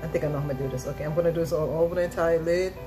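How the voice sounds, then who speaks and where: A woman's voice: sits low, fairly even intonation, very fast, low-quality recording. A woman vlogger talking through her makeup tutorial in a chatty, exuberant way, repeating her catchphrases. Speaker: beauty vlogger. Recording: music playing behind her.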